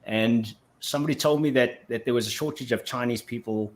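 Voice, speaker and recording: A man's voice: mid-range voice, a little fast. A man from Africa, telling his story as a guest on a casual interview show, full of restarts. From South Africa. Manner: rambling with frequent restarts. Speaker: guest actor.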